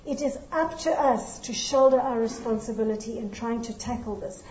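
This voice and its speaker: A woman's voice: fairly high pitch, normal speed, darkish tone, roomy sound, lo-fi sound, slight background noise. A middle-aged woman from South Africa with a South African accent, a scientist giving a formal lecture to an audience in an earnest, emphatic way, often restarting her sentences. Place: lecture hall.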